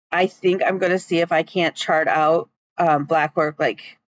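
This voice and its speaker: A woman's voice: fairly low pitch, highs cut off. A woman vlogging about her stitching at home in a rambling, chatty way, with many ums. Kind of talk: casual chat.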